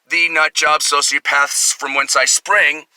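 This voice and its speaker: A man with a very bright, fairly high voice tells a comedic story as the host, rambling, swearing freely and mocking himself. The sound is close and dry, with almost no room. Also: little pitch movement, unhurried, no room sound, poor audio. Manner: profane, rambling, self-deprecating.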